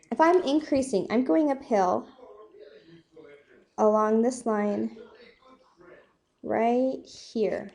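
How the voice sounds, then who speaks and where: Young female math tutor, warm and mellow, casual and self-deprecating, keeps asking "okay?". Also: medium pitch. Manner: chatty, self-deprecating, asks "okay?" often. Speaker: math teacher. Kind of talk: casual whiteboard math lesson.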